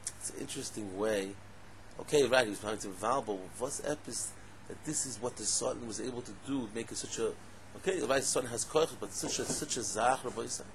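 A man giving a lively Torah class, asking rhetorical questions and breaking into loud exclamations. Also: mid-range voice, fairly quick, slight background noise. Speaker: Torah teacher.

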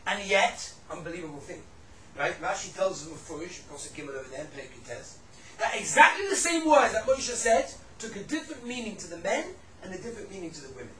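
Quick and sing-song, this man's voice sits high and has a fairly bright tone. He's a religious teacher lecturing on Jewish law and ethics, animating his stories, repeating phrases, and weaving in Hebrew and Yiddish words. The mic is distant and set back in an echoey room, with faint noise behind him.

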